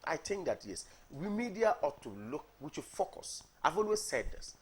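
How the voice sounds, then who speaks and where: Very animated and speaking at normal speed, a Ghanaian man argues his side in a heated morning-TV political debate. His voice is a little high and slightly rough. As a party coordinator guest in the studio, he repeats words for stress and asks "are you getting me."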